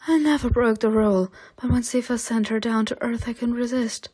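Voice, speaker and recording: Brief: woman doing a grieving angel teacher, soft and hushed, lifted pitch, tremble in the voice. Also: steady tone, fairly quick, slightly rough. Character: grieving gentle female angel teacher, heartbroken sister.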